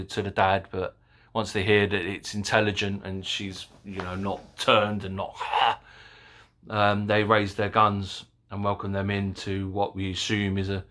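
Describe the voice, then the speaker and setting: A man giving a casual, excitable movie review, rambling with fillers and the odd swear word. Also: fairly low pitch. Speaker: film reviewer.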